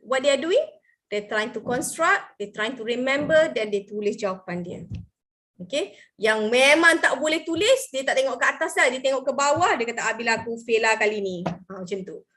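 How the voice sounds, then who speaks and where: Woman, Malaysian accent, high-pitched, middle-aged, code-switching explainer, teacher-training talk. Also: animated, brisk, a bit bright. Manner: mixes Malay and English freely, explanatory. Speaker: education speaker for teachers. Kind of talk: sharing-session talk to teachers.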